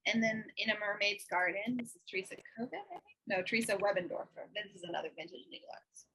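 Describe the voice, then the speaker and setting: A woman's voice: medium pitch, animated, fast talker, sharp tone, a little hiss or hum, poor audio. A woman co-hosting a casual chat about cross-stitch, chatty and enthusiastic, laughing often. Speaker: co-host.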